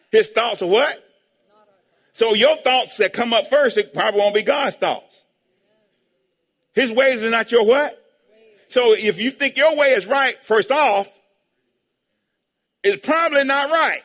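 A man preaching as pastor, drawing amens and answers from the congregation in call-and-response, breaking into sudden shouts. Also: very high-pitched. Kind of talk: sermon. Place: church sanctuary. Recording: long hall reverb.

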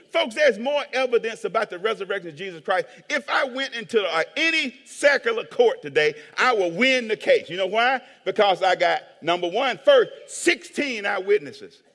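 A man preaching a sermon as pastor, animated, acting out voices and swinging between hushed asides and shouts. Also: high-pitched, normal speed. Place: church hall with long reverb. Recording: reverberant hall.

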